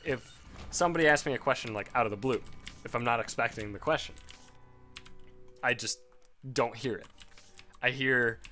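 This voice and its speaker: A man's voice: medium pitch, fairly bright tone. A young man with a Chicago accent rambling and swearing through casual gameplay commentary. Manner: rambling, profane, frequent fillers. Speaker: let's play host.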